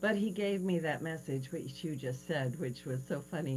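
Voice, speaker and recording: A woman in her sixties hosting a radio talk show, telling a story with lively quoted voices, over a faint hiss. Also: low-pitched, normal speed, hardly any pauses, rough recording. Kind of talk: casual interview chat.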